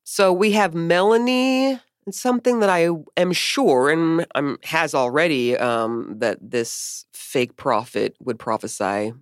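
A woman's voice: low-pitched, takes it slowly, hardly any pauses, no echo, studio quality. A woman co-hosting a podcast in casual chat, joking and swearing, often laughing. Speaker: podcast co-host.

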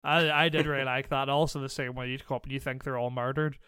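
A man's voice: mid-range voice, level tone, fast talker, pushed and bright, smooth, dry recording, clean studio sound. A young man co-hosting a podcast, chatting casually and animatedly, often laughing as he talks. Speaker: podcast co-host. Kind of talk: casual chat.

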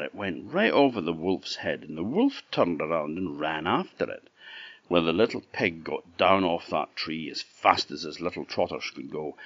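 Deep-voiced orkney man telling a folk tale, slow and expressive, dry dull recording. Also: dry recording. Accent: Orkney Scottish. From Orkney, Scotland. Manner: lively, expressive storyteller. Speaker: storyteller.

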